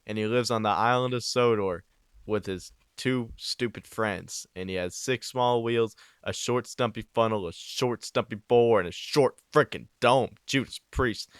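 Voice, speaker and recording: A young man narrating a crude, improvised parody story into a home microphone, rambling and swearing with deadpan asides. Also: mid-range voice, unhurried, clear, resonant tone, dry recording, studio quality. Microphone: new home microphone.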